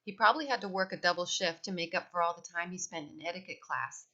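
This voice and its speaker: A woman reading a children's novel aloud, telling it lively in the first person. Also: lowish voice, fast, hardly any pauses. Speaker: audiobook reader. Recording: dull lo-fi recording.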